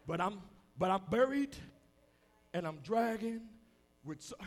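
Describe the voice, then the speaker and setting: A preacher whose voice sits high and moves a great deal, climbing and falling across every phrase. He swings between quiet, hushed stretches and loud calls to the congregation, and he acts out the people he quotes in a folksy, down-home way. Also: lively intonation, measured pace, pauses often. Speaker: pastor. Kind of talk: sermon. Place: church hall with a congregation.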